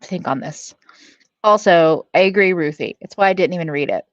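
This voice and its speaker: A woman's voice: fairly low pitch, moderate pace, no echo, lo-fi sound. A woman hosting a casual livestream, reading out chat, laughing often and swearing freely. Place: at home.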